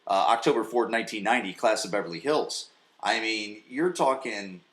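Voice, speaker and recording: A man's voice: on the low side, moderate pace, fairly bright tone, roomy sound. Profane rambling man in his forties. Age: 40s. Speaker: podcast host. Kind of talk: casual solo recap. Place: home basement.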